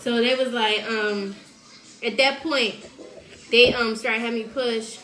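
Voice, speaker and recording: A woman's voice: on the high side, unhurried, roomy sound. A woman telling a story in a casual chat, laughing often and acting out what people said. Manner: animated, laughs often, acts out quotes. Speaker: host.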